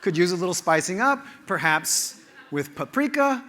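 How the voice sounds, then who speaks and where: Guy, kinda high voice, playful word-origin talk, drops low and quiet for punchlines. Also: very animated, normal speed. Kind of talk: lively presented talk.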